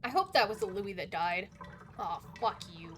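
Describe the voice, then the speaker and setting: A woman's voice: medium pitch, animated, moderate pace, heavy background noise. A woman streaming a game, chatting casually, flustered and swearing as she talks. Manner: swearing, flustered, laughing often.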